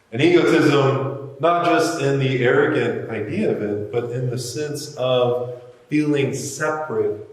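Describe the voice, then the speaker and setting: A man giving a reflective sermon, musing aloud with pauses. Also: mid-range voice. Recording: echoey hall, mic far off.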